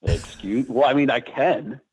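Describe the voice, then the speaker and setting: A man's voice: mid-range voice, lively intonation, unhurried, darkish tone, slightly rough, no room sound, poor audio. A man appearing as a podcast guest, chatting casually about wrestling in a sarcastic, mock-boastful way.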